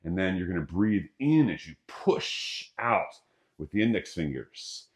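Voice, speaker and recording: A middle-aged qigong instructor with a low, expressive voice and a slightly slow delivery leads a guided exercise. He keeps things casual and jokey, talking through each breath step by step.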